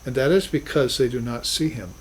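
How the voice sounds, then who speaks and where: A man's voice: mid-range voice, fairly quick, a little hiss or hum, low-quality recording. A man teaching a class on spiritual philosophy, talking in an earnest, reflective way with emphatic bursts. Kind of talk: recorded class lecture.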